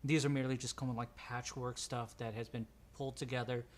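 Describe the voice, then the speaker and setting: A man's voice: mid-range voice, level tone, brisk. A man narrating a tabletop role-playing game as game master, rambling and filling his descriptions with ums and restarts.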